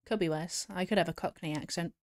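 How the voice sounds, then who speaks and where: A British woman chatting casually with viewers on her live stream as she works, often laughing. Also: lowish voice. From Britain. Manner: chats with viewers while working, laughs often.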